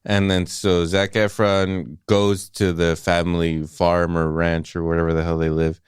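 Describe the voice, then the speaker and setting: A man with a deep, smooth voice recaps a film for a podcast in a loose, profane way. He jumps into acted-out quotes as he goes. The recording is dry and close. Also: flat delivery, a little slow, no room sound. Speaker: podcast co-host. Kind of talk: casual movie-review chat.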